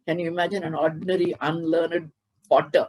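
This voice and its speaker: Woman preacher, husky, animated storyteller, chants verses, video-call mic. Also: low-pitched, a little fast. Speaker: spiritual teacher. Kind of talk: devotional discourse with storytelling.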